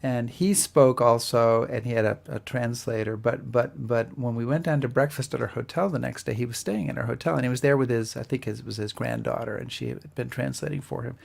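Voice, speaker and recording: Gravelly-voiced man telling an anecdote. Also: mid-range voice, fairly even intonation. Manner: halting, with frequent repeated starts. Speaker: history podcast co-host. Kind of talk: casual conversational storytelling.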